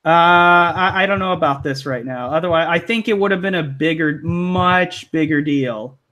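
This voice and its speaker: Slightly high-voiced rambling male host. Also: normal speed, sharp tone. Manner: rambling, filler-heavy, laughs easily. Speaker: host of a live online panel. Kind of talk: casual live-stream chat.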